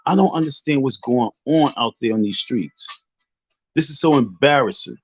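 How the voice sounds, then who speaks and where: A man's voice: medium pitch, expressive, normal speed, breathy edge, no room sound. A tipsy man from Queens, taunting rivals in an unscripted livestream rant full of slangy street talk. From Southside Jamaica, Queens, New York. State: tipsy from drinking. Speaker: livestream host. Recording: dull lo-fi stream audio.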